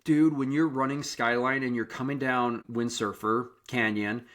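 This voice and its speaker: A man hosting a running podcast, telling stories in a lively, chatty way with frequent restarts. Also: mid-range voice, moderate pace. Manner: animated storytelling, many restarts. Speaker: podcast host and running coach. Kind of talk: casual interview chat.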